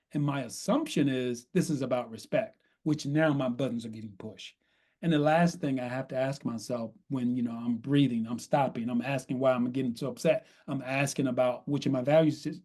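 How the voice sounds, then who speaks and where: A man, a consultant guest on a podcast, explaining in a measured way and often checking in with "right?". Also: a little high, mellow. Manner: measured, repeats "right?", acts out sample dialogue. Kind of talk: podcast interview, coaching explanation.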